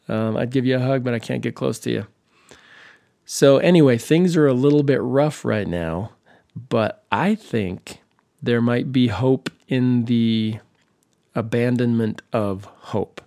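A man's voice: mid-range voice, unhurried, a little mellow, no room sound, studio quality. A man hosting a podcast, talking in a loose, rambling monologue with a wry, sarcastic humor and lots of restarts. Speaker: podcast host.

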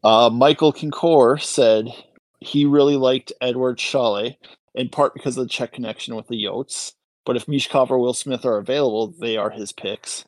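A man's voice: mid-range voice, fairly even intonation, normal speed, no echo, low-quality recording. A man co-hosting a casual hockey podcast, reading out listener posts and weighing trades in detail. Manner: reads listener posts, analytical. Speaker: podcast co-host. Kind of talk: casual sports podcast chat.

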